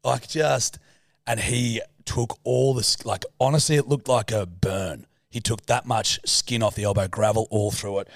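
A creaky, lowish voice with a steady tone belongs to this thirty-something Australian co-host, talking at normal speed. He tells a rowdy story casually, swearing freely and doing the voices of those involved. Studio-quality audio, no echo.

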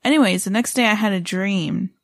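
A woman's voice: mid-range voice, fairly quick, dry recording. A woman co-hosting a podcast, telling a story in a rambling, casual way with lots of fillers and restarts. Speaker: podcast co-host.

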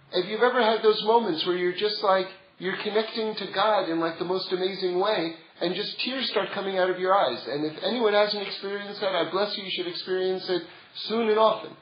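A man teaching a Torah class in a conversational way, building up to emphatic passages. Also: sits high. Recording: roomy, dull lo-fi sound.

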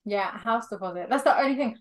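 A woman's voice: fairly high pitch, quick pace. A young woman co-hosting a casual chat podcast, giggly and casual, using loose slang. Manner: giggly, casual slang, tired by the end of the week. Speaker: podcast co-host.

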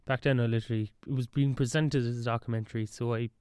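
A man's voice: medium pitch, fairly even intonation, quick pace, a little mellow, clear, resonant tone, dry recording, studio quality. A young man talking casually on his own, rambling and wry, often restarting his sentences. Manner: rambling, wry, self-interrupting. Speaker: podcast host. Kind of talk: casual solo monologue.

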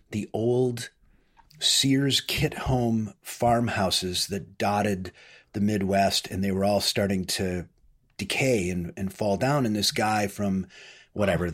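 A man's voice: on the low side, fairly bright tone, breathy edge. A male film director guest on a podcast, telling long anecdotes in a casual, rambling way with frequent restarts. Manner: rambling, self-interrupting anecdotes. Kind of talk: casual storytelling interview.

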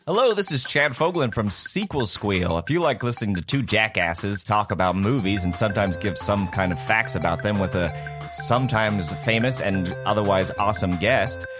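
A man reads a brisk, jokey promo for a podcast. His voice sits low. Music plays clearly underneath. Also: lively intonation, a bit bright. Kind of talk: read promo.

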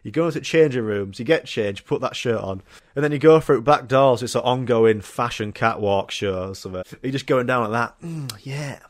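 A man's voice: mid-range voice, brisk, no room sound, studio quality. Young male podcast host, rambling sweary comic monologue, laughs a lot. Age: young adult. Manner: rambling, swearing, laughing, acting out voices of people in his stories.

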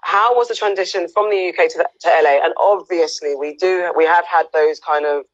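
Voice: mid-range voice, brisk, no room sound. Dry lo-fi interview host. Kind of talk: casual interview over a live stream.

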